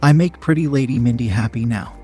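A man's voice: medium pitch, a little fast, darkish tone, soft background music, natural voice. Man reading as a blunt childlike creature. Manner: simple broken speech, speaks of others in third person. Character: small strong male creature, blunt, childlike.

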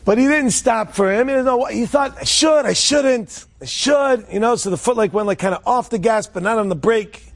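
A man's voice: sits high, fast. A man telling an inspirational story in a conversational way, restarting sentences often and dropping in Hebrew and Yiddish words.

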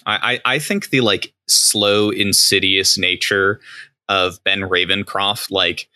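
A man enthusing in a casual podcast chat, pausing often to gather his thoughts. His very deep voice has a strikingly sharp, tense brightness, recorded dry and close. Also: steady tone, dry recording, poor audio. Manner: enthusiastic, with "um" pauses.

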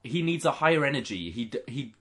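A man's voice: medium pitch, very animated, quick pace, fairly bright tone. A man hosting a podcast in casual chat. He sounds easygoing and leads the segments. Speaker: podcast host.

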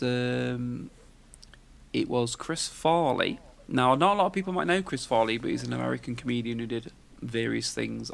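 Guy, 30s, gravelly podcast host, rambling and chatty. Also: medium pitch. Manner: rambling, chatty, lots of fillers and tag questions. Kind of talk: casual chat.

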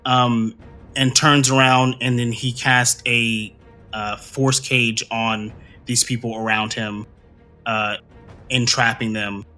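A man's voice: mid-range voice, pushed and bright. A man narrating as game master for a tabletop game, hesitant and full of fillers. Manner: hesitant, many fillers, clears throat.

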